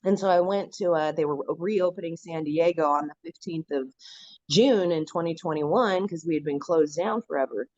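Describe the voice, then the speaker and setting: Animated storytelling woman, lo-fi audio. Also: low voice, moderate pace. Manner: animated, acts out quoted dialogue, many "like" fillers. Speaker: podcast guest, local activist. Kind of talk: casual storytelling conversation. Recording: dull lo-fi dry audio.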